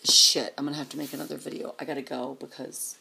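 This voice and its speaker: A woman's voice: rumbling low, level tone, racing, creaky, a little mellow, slight background noise. A woman vlogger telling a rambling, profane story in a casual way, chuckling as she goes.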